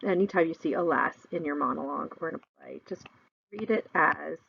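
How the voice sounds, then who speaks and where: A woman's voice: deep voice, fairly quick, vocal fry, breathy edge, dry recording. Chatty woman teacher, dull dry sound. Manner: chatty, explains with many fillers. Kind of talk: recorded classroom lesson.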